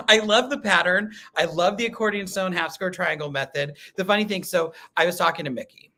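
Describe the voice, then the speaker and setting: A man hosting a casual quilting livestream, telling animated stories, laughing often and reading viewer comments. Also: high-pitched, fairly quick. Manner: chatty, animated storytelling, laughs often, reads live comments.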